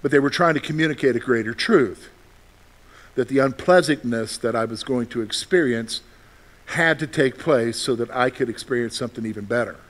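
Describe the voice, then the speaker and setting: Rhetorical questions to the congregation mark this middle-aged pastor's sermon, which moves between forceful emphasis and soft asides. His voice is mid-range and his pace moderate.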